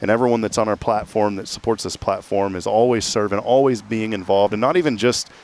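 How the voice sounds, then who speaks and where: Host, man, lowish voice, chatty and self-mocking, live outdoor fundraiser. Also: steady tone, a little fast, a little mellow. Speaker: host of a local fundraiser show. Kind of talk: casual live chat. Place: outdoor parking lot event.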